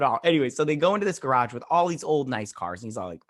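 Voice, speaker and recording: A man's voice: medium pitch, animated, racing, few pauses, no echo, studio quality. A man giving a casual, rambling spoken review of a TV episode, full of fillers and loose retellings of scenes. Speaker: YouTube reviewer.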